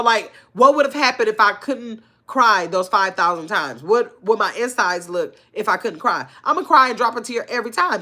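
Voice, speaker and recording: An older woman hosting a casual livestream, talking earnestly in relaxed slang and reading viewer comments aloud. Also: a little high. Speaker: livestream host.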